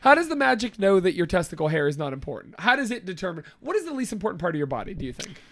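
A man's voice: sits high, sing-song, racing, fairly bright tone, dry recording. A man co-hosting a podcast in casual chat, playfully throwing out absurd follow-up questions. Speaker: podcast co-host.

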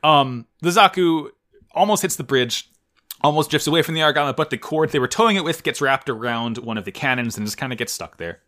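A man co-hosting a podcast, recapping an anime episode in casual chat, animated and jokey, often jumping his voice up high for emphasis. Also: fairly quick. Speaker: podcast co-host.

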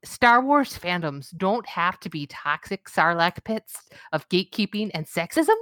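Brief: woman playing a chatty, tipsy mom friend, folksy drawl, lively pitch, dry close sound. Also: unhurried, no echo.

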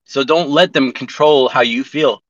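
A man's voice: mid-range voice, moderate pace, no room sound. A man in a casual podcast chat, talking candidly and profanely, rambling through many restarts. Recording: dull lo-fi recording.

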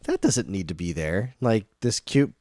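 A man's voice: lowish voice, expressive, normal speed, darkish tone, no echo. A man in his thirties co-hosting a casual chat show, rambling off on tangents. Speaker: podcast co-host.

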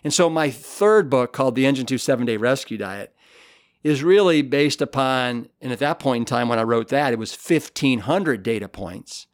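A man's voice: mid-range voice, animated, normal speed, no room sound, studio quality. A man, an author being interviewed, telling stories in an earnest, enthusiastic way with many fillers and restarts. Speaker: author and guest. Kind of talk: conversational storytelling interview.

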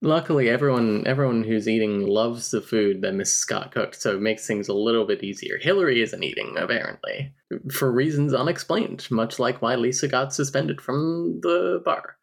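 A man's voice: mid-range voice, normal speed, vocal fry. A man co-hosting a casual podcast, recapping a novel with wry humor and reading quotes aloud. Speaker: podcast co-host. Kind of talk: casual book recap chat.

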